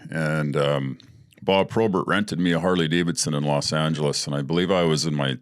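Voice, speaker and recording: Very deep-voiced man telling blunt stories. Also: a little fast, no echo, clean studio sound. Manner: blunt and profane, laughing through his stories. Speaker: podcast host. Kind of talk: casual storytelling.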